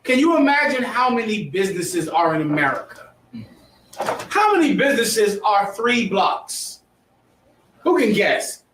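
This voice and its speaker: Guy teaching a class, high voice, preachy and emphatic, mic far away in an echoey room. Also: big pitch swings, a little slow, noisy background. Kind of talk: lecture to a class.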